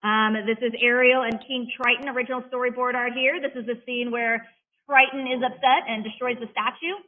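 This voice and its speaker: A woman calling bids at a live auction, running figures in a fast rhythmic chant and breaking into brief chatty asides about the lots. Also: fairly high pitch, steady tone. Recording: tinny phone-like stream audio.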